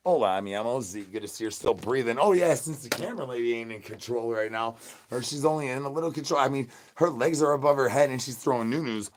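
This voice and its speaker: A man's voice: mid-range voice, fast. A man, streaming in a goofy, rambling patter full of nonsense words and catchphrases. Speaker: streamer in zombie persona.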